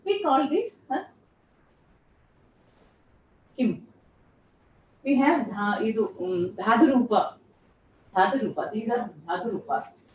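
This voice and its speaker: Woman, professor, patient repetitive lecturing, high animated voice, echoey room, distant mic. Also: unhurried, long pauses, dull audio, a little hiss or hum. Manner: patient, repeats terms while explaining. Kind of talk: classroom lecture.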